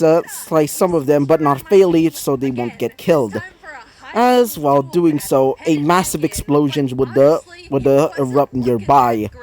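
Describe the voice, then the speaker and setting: A man narrates a homemade crossover tale on the fly, his pitch swinging up and down in a lively way. He stumbles through fillers and restarts as he makes it up. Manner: rambling, many fillers and restarts. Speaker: storyteller. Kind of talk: improvised fan story narration.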